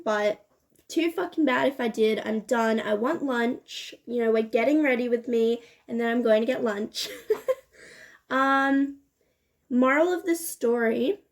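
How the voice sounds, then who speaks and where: Giggly young woman with a gravelly voice. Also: sits high, a little slow. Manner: casual, giggly, swears often. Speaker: beauty vlogger. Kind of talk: get-ready-with-me chat.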